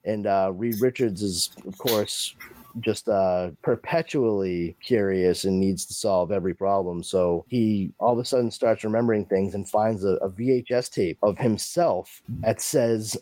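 A man's voice: on the low side, steady tone, unhurried, dark tone, a little hiss or hum. A man hosting a podcast, casually recapping a story with fillers and acted-out quotes. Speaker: podcast host. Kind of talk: casual chat.

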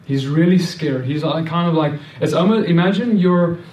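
A man delivers a sermon in an earnest, repeating manner, often stumbling and restarting. His voice is mellow and sits a little high. He sounds set back from the microphone in an echoey room. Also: moderate pace, recorded from a distance. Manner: earnest, repetitive, with many restarts and stammered words. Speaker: preacher.

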